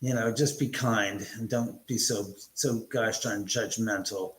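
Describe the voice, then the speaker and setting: A man's voice: fairly low pitch, steady tone, measured pace, a bit bright, echoey room, poor audio. A man hosting a casual livestream, chatting with viewers in a rambling, joking way with crude banter. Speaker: livestream host. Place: room in a house.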